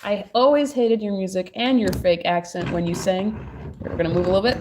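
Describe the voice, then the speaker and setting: A woman's voice: medium pitch, darkish tone, slight background noise. Rambling, joking young woman streamer. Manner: rambling, joking, quick to laugh. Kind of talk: casual chat while crafting on a livestream. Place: at home, moving furniture.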